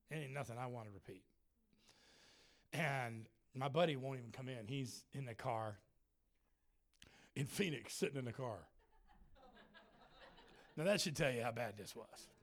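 A man preaching with humor, telling self-mocking stories in an animated way and laughing often. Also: mid-range voice. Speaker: traveling preacher and musician. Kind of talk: humorous sermon storytelling.

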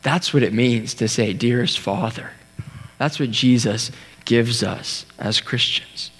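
A man preaching a sermon, telling a story in an earnest way, with pauses and restarts. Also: medium pitch, a bit bright. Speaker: pastor. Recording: long hall reverb.

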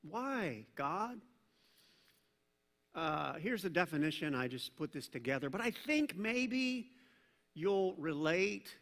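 Bright-voiced pastor preaching in a hall. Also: male voice, sits high, slow, long pauses. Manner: conversational, animated preaching with asides. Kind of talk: sermon. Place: church sanctuary. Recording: reverberant church hall.

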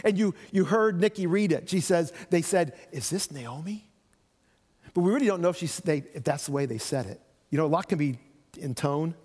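Speaking fairly quickly with lively intonation, this pastor's voice runs on the high side, a little mellow and slightly rough. He narrates a Bible story from the pulpit, acting out each character's voice, and the church hall gives it a long reverb.

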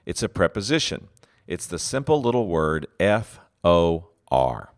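Low-voiced man teaching about leadership. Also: very animated, unhurried, clear, resonant tone. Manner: earnest, acts out example phrases with many fillers and restarts. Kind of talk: teaching talk.

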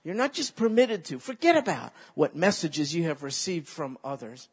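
A man's voice: a little high, big pitch swings, normal speed, breathy edge. A man preaching a sermon in an emphatic, exhorting way, leading his listeners to repeat phrases back to him. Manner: leads the audience in call-and-response repetition.

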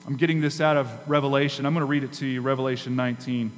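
A man's voice: medium pitch, level tone. Guy preaching in a church, big hall echo, faint hum behind him, punchy and emphatic. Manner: emphatic preaching with dramatic pauses and rises. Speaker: pastor. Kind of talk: sermon. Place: church sanctuary.

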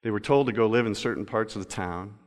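A male pastor delivering a sermon, moving between loud emphatic stretches and slow, quiet reading. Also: fairly low pitch. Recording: long reverb of a large hall.

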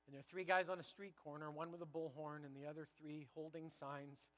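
A man preaching a sermon in a high, bright voice. He moves from hushed, reflective passages to loud, rousing repetition. He is from Canada and speaks to a congregation. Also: little pitch movement, a little fast, long reverb tail. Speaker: pastor.

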